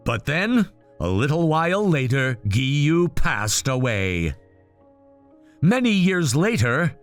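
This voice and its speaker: A young man casually narrating a fan story in a plain, unhurried way. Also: on the high side, sing-song, fairly bright tone, soft background music.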